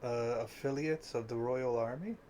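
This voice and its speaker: A man's voice: mid-range voice, fairly even intonation, normal speed, a little mellow, a little hiss or hum, natural voice. A man voicing a polite, inquisitive woman cleric. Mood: curious. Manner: formal, inquisitive. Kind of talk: voicing a character in a tabletop game.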